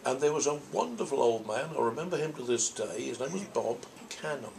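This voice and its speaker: Older English priest musing aloud. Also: male voice, mid-range voice, expressive, a little fast, vocal fry, darkish tone, slight background noise. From Norfolk, England. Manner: thoughtful, rambling, with frequent restarts. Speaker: priest and convention guest. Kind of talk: answering audience questions.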